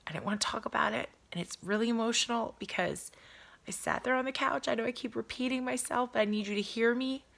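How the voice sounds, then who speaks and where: An earnest woman records a personal video from home, her voice bright and forward. She repeats herself and often sinks to a hushed whisper. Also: on the high side, fast talker, vocal fry. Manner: repetitive, earnest, drops to whispers. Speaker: vlogger. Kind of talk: emotional personal video talk.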